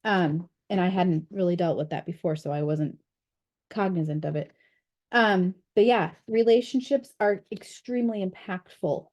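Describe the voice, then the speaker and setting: A woman's voice: fairly low pitch, moderate pace, darkish tone. A woman leading a book study group over a video call, talking in a chatty, candid way with frequent fillers. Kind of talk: casual group discussion.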